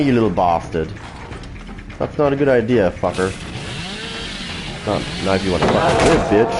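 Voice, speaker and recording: A man's voice: lowish voice, lively intonation, normal speed, long pauses, noisy background. A man giving profane, trash-talking commentary while playing a video game, taunting opponents. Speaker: gaming channel host. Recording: loud game sounds behind.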